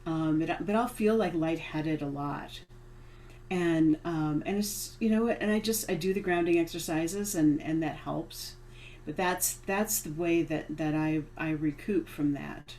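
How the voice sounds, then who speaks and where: A woman guest in a casual spiritual chat, speaking haltingly with many restarts. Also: sits low, a little mellow. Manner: hesitant, many restarts and fillers.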